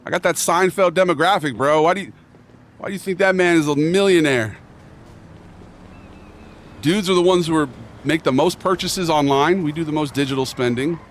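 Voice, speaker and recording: A man's voice: a little high, moderate pace, slight background noise. Rambling young man streaming by the street. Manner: rambling, slangy, reads chat aloud. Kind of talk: casual live-stream chat.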